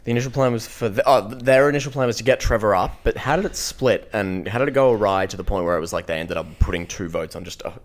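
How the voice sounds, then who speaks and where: A man's voice: fairly low pitch, fast, hardly any pauses. Casual, swearing man co-hosting a podcast. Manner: swearing, reactive, breaks into song. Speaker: podcast co-host. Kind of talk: casual chat recapping a reality show.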